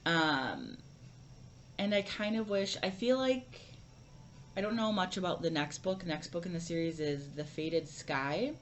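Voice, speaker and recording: A woman's voice: fairly low pitch, lively intonation, a little slow, slight background noise. A young woman vlogging a casual book review, rambling with lots of fillers and restarts.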